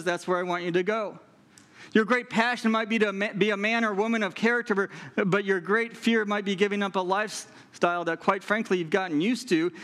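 A man preaching a sermon as a pastor, earnest and emphatic, repeating key lines and slowing down for weight. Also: high-pitched, fairly bright tone. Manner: earnest, emphatic preaching with repetition and dramatic slowdowns.

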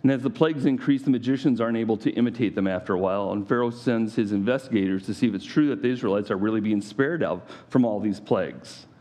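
A man preaching a sermon, animated and playful, acting out scripture with mock voices. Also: lowish voice, quick pace, few pauses. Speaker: pastor.

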